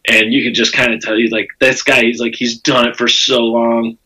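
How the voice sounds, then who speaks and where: A Southern man with a bright, forward voice and a slightly husky texture tells stories as a comedian guest. His speech rambles, full of fillers and profanity, in a loose podcast conversation. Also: mid-range voice, little pitch movement, normal speed, rough recording. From South Carolina. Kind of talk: casual podcast chat.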